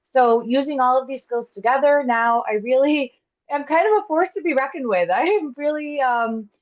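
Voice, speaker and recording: A woman's voice: high voice, moderate pace, muffled recording. A woman introducing herself as a tarot reader over a video call, upbeat and eager. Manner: upbeat, eager self-presentation. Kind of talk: self-introduction on a live call.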